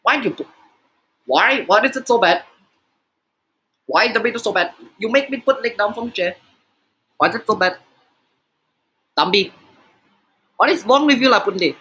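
A man putting on a mock Indian English accent, loudly scolding with broken-English questions. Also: high voice, animated, normal speed, pauses often.

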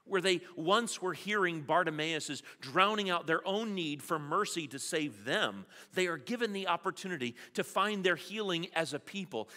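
A man's voice: high voice, pushed and bright. A male pastor preaching a sermon in a church sanctuary, conversational with playful asides. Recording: long church reverb.

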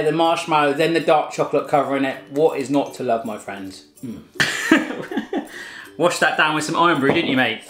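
A man's voice: fairly high pitch, a bit bright. A man hosting a casual food taste test with his daughter, chatty and jokey. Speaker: cooking channel host tasting food with his daughter. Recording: roomy echo with faint music.

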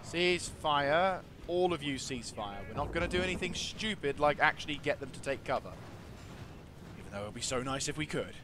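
A man giving casual commentary over a strategy game, talking to his units and swinging from quiet mumbles to excited shouts. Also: a little high, a little fast, noisy background. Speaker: gaming video host.

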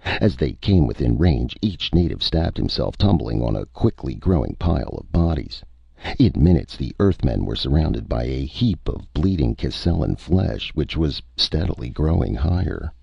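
A man narrating a science fiction story in a husky, gravelly voice, muffled lo-fi recording. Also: rumbling low, very animated, normal speed, dark tone, no echo. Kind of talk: audiobook story reading.

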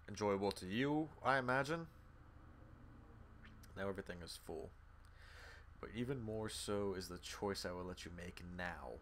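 A man's voice: fairly low pitch, normal speed, pauses often, a bit bright, slight background noise. A man streaming a game live, commenting casually, swearing freely and reading the on-screen text aloud. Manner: swears freely and talks straight to viewers. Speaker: gaming streamer.

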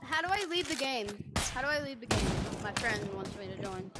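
A high-voiced woman on a headset mic who keeps asking how the game works, sounding unsure. Heavy gunfire and shooting pound in the background around her voice. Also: lively intonation, a little fast, heavy background noise. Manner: unsure, asks lots of questions. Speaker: new player. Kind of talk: casual gameplay chat.

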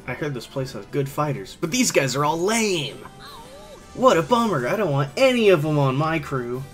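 A man voicing a brash, cheerful young pirate captain in an amateur game dub, talking loud and eager. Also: fairly high pitch, big pitch swings, moderate pace, faint music behind, voice pushed up. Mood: excited.

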